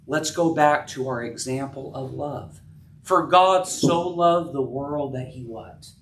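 A middle-aged man preaching a sermon as pastor, earnest, rising and dropping in pitch and loudness. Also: slow, slight background noise. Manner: earnest preaching, rises and drops in pitch and volume. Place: church sanctuary. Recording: echoey room, voice from a distance.

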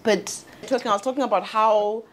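A woman's voice: fairly even intonation, brisk, a little hiss or hum. Chatty south african woman, laughing often. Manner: candid, laughs often, jumps high when quoting. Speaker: co-host and founder. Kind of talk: casual panel chat.

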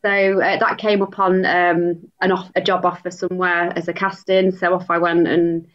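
A woman's voice: on the low side, little pitch movement, normal speed, lo-fi sound. Chatty English woman on a podcast. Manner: chatty, laughs easily. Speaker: guest. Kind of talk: casual podcast chat.

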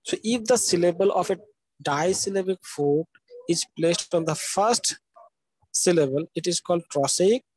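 This time he sounds high-pitched, darkish and husky at a moderate pace, in a low-quality recording without room sound. During his live university lecture he goes step by step, spells words letter by letter, and often asks "okay?" to confirm understanding.

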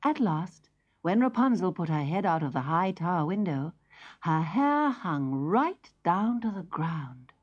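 Woman storyteller, low voice, slow and sing-song with hushed asides; lo-fi cassette, faint music behind. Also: breathy edge. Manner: slow, expressive, sing-song reading with soft whispers. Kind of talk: scripted children's story narration.

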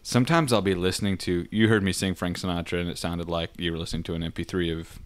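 Deep-voiced laid-back man. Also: steady tone, quick pace, a little hiss or hum. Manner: laid-back, storytelling, says "dude". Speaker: podcast co-host. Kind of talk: casual chat.

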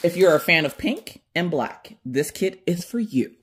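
Excitable chatty woman, lively pitch. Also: unhurried, noisy background. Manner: excitable, chatty, addresses viewers as y'all. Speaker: craft channel host. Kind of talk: unboxing vlog.

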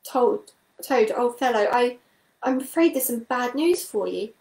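Woman reading as a gentle, encouraging fox. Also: fairly high pitch, expressive, unhurried, reverberant. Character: calm, kindly male fox.

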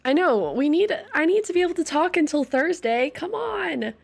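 A young woman casually commenting on a life-sim game she plays, her voice hoarse and congested, breaking into loud squeals of alarm now and then. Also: sits high, sing-song, normal speed. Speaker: gaming streamer. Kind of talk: casual let's-play commentary. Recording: faint game music behind.

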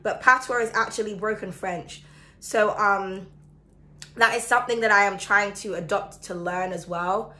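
A woman from the Caribbean reads tarot for her viewers in a chatty monologue. Her voice is bright and forceful, and her pitch sits mid-range. She talks with emphasis, addressing the listener directly. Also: steady tone, moderate pace. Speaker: tarot reader.

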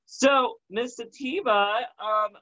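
A man's voice: extremely high pitch, takes it slowly, bright, forceful tone. A man hosting a casual interview chat, sassy and campy with playful slang, heard on a dull lo-fi recording. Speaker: talk show host.

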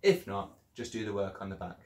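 A man's voice: lowish voice, very animated, a little fast, darkish tone, echoey room. A man teaching children an English lesson in a chatty, encouraging way, explaining things step by step. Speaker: primary school teacher.

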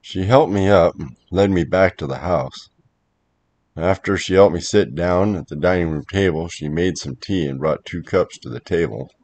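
A man narrating a first-person creepypasta story in a measured voice that grows tense at the scares. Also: deep voice, a little mellow.

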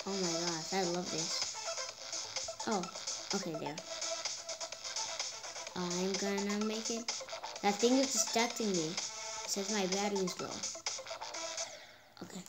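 A woman giving casual, excitable commentary while playing a phone game, cheering herself on. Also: mid-range voice, takes it slowly, long pauses. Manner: excitable, exclaims often, talks herself on. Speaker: gameplay streamer. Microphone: phone screen recording. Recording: clear game music underneath. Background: game music.

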